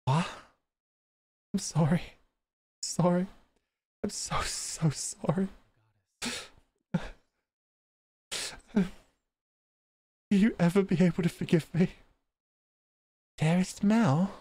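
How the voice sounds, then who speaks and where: A man reading as a guilt-ridden, weak young man, narrating his own wrongs in a hushed, anguished tone. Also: high voice, slow, long pauses, in a large hall, pitched above the performer's own voice. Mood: pleading. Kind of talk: visual novel read-aloud.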